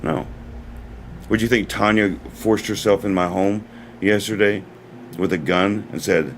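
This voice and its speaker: A man's voice: lowish voice, steady tone, measured pace, long pauses, a little hiss or hum. A man hosting his own livestream, talking in an earnest, rambling way and often repeating himself. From United States. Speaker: livestream host. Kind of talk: casual livestream talk.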